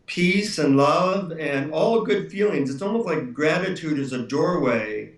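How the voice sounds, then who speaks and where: A man, an author being interviewed, telling relaxed anecdotes with frequent fillers. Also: fairly high pitch, measured pace. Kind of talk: anecdotal storytelling. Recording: roomy room, distant mic.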